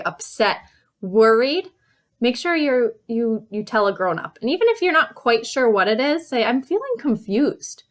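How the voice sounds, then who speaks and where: A young woman teacher reads a picture book aloud to small children and acts out every emotion she meets. Her voice sits a little high and swings widely, dropping to soft sighs and rising to playful cries. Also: a little hiss or hum. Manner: animated, acts out each feeling with gasps and shouts.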